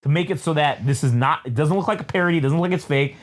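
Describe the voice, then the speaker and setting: A man's voice: fairly high pitch, very fast. A man co-hosting a podcast, telling a rambling, profane comic story and acting out the people in it. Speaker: podcast co-host. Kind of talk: casual comedic chat.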